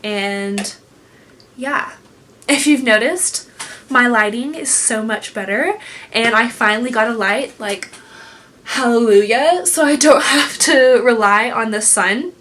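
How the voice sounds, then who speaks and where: A woman's voice: fairly high pitch, takes it slowly, fairly bright tone, slight background noise. A young woman chatting casually at home as a beauty vlogger, gushing and rambling with lots of fillers. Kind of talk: casual chatty product review. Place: home room.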